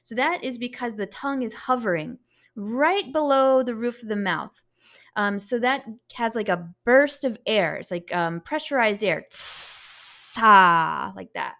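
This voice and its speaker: A woman's voice: on the high side, animated, moderate pace. A woman teaching a beginner saxophone lesson, explaining patiently step by step and sounding out syllables to demonstrate.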